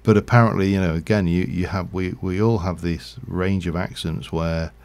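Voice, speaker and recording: A man's voice: deep voice, steady tone, normal speed, darkish tone, clear, resonant tone. A man from Yorkshire, England with a slight Yorkshire accent, rambling and chatty as he streams a game and corrects himself mid-sentence. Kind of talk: casual livestream gameplay commentary.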